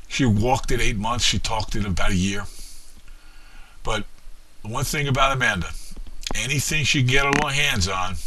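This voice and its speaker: A middle-aged man doing a seated stand-up comedy routine in a small venue, telling wry family stories with pauses before each punchline. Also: lowish voice, sharp tone, slightly rough. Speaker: stand-up comic. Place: small venue with a live audience.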